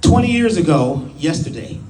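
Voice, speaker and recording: Middle-aged guy, folksy dramatic storyteller, high voice, kinda far off the mic in a roomy space. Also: big pitch swings, a little mellow. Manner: folksy, dramatic, drawn-out pauses. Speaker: spiritual speaker. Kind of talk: personal storytelling talk. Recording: echoey room, away from the mic.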